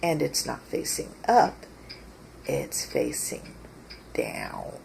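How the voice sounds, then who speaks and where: A woman casually telling an amused, unhurried anecdote outdoors by her porch while she films herself. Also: extremely low pitch, wildly swooping pitch, gravelly, darkish tone, a little hiss or hum, poor audio. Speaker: vlogger. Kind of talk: casual storytelling.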